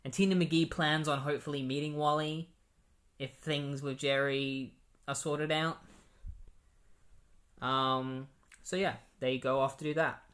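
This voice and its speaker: A man's voice: fairly high pitch, little pitch movement, a little slow, pauses often, fairly bright tone. Casual man retelling a comic story. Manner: rambling, lots of fillers. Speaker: comic book reviewer.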